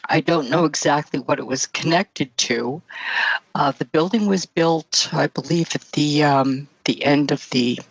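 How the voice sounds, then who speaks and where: A woman author recounting a paranormal investigation in an interview, halting, with frequent fillers and restarts. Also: low voice, slightly rough, no room sound, low-quality recording.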